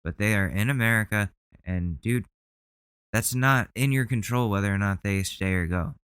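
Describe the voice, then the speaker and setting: A man's voice: lowish voice, moderate pace, a bit bright, smooth, no room sound. Blunt, indignant man reacting to clips. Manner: indignant, blunt, swears a lot. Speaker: podcast host. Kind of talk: reacting to videos.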